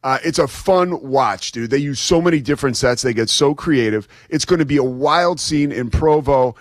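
An enthusiastic man talking college football as a guest commentator, chatty and quick to laugh. His pitch is mid-range for a man, and the sound is dry and close. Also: no room sound. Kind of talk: casual sports talk.

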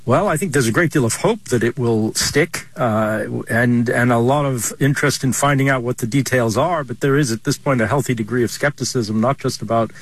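A man with a husky voice, a policy expert answering interview questions thoughtfully with some hesitations. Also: mid-range voice, fairly quick, few pauses, no echo. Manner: thoughtful, hesitant phrasing with fillers. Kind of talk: remote interview.

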